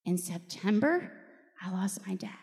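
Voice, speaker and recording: A woman's voice: mid-range voice, animated, a little slow, darkish tone. A woman giving a candid personal faith talk to a group, emotional and laughing often as she acts out quoted voices. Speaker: speaker at a faith event. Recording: long hall reverb.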